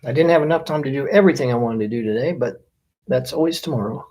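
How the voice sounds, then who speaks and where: A man's voice: medium pitch, fast, a little mellow. A man hosting a casual live stream, greeting viewers by name as they join. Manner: friendly, reads out viewer names one by one.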